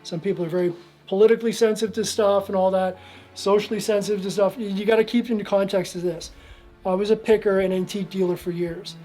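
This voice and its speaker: A man's voice: high voice, steady tone, quick pace, mellow, soft background music, poor audio. Rambling man giving a tour. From Canada. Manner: rambling, lots of "like" and restarts. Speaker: museum owner giving a tour. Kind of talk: casual storytelling tour.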